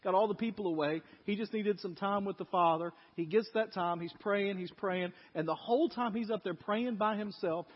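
Preacher guy, highish voice, tells it like a story, muffled lo-fi church recording w/ long echo. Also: brisk, hardly any pauses, husky. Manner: animated storytelling, acts out people's voices. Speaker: pastor. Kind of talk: sermon. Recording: echoey hall, dull lo-fi sound.

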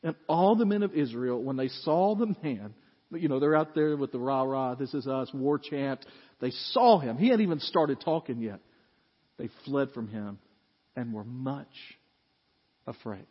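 A man preaching a sermon, telling a story with animated acted-out voices and frequent laughs. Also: medium pitch, unhurried, pauses often, slightly rough. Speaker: pastor. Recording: dull lo-fi audio with long hall reverb.

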